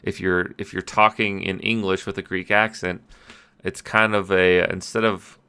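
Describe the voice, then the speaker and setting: A man's voice: sits low, level tone, vocal fry, sharp tone, clean tone. A man casually recapping his tabletop game session as game master, rambling and self-deprecating. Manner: rambling, self-deprecating, with restarts and quick quoted voices. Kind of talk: casual solo recap podcast. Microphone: audio-only podcast mic.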